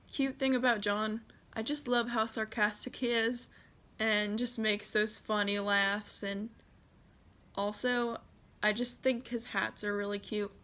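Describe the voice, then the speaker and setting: A woman's voice: mid-range voice, a bit bright. A teenage girl with an American accent reads questions aloud and answers each one in a casual vlog. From United States. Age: teens. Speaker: vlogger. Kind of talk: casual Q&A tag video.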